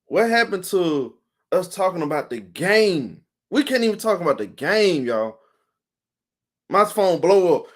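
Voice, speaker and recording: A man talks through his live sports stream in a loose, rambling way, repeating words and calling out viewers by name. His voice sits a little high for a man, and he sounds worn out. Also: sing-song, unhurried. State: tired.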